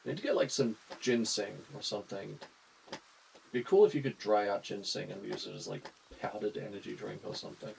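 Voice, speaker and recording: A man's voice: lowish voice, brisk, gravelly, a little mellow, a little hiss or hum, rough recording. A young Australian man casually chatting to viewers while streaming a game, laughing often and greeting chat.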